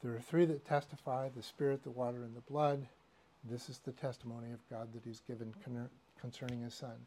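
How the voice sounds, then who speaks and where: A man's voice: mid-range voice, level tone, a little fast, mellow. A man teaching a church doctrine class in a conversational lecture style, with fillers and asides.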